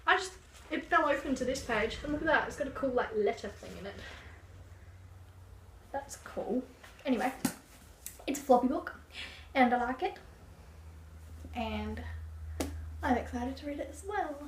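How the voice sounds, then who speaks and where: Young Australian woman, book vlogger, casual rambling delivery, slightly high voice, roomy echo. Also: expressive, moderate pace, pauses often. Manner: chatty, rambling, with frequent "like" and laughs. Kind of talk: casual chat. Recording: echoey room, faint background noise.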